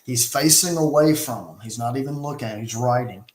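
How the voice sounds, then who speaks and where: A man in casual conversation, retelling a film as an animated storyteller who talks with emphasis and often restarts his sentences. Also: medium pitch, fairly quick. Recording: echoey room sound.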